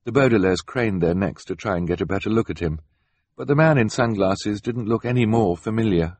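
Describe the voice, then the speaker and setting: A male audiobook narrator with a low, husky voice that rises and falls widely as he tells the story. He sounds close and dry, with no room around him. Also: brisk, no echo. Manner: expressive, storytelling. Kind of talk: scripted narration.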